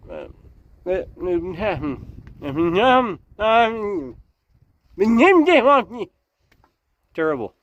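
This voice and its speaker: With a fairly high, creaky voice, a man in his forties rambles through jokey stories on his trucking vlog, laughing and using fillers as he chats casually. Faint traffic noise comes from outdoors.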